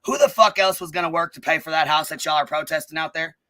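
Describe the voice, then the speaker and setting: A woman hosting a live stream, ranting and calling people out in a combative, profanity-heavy way, with a notably low, bass-heavy voice. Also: quick pace, bright, forceful tone. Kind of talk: live-stream commentary rant.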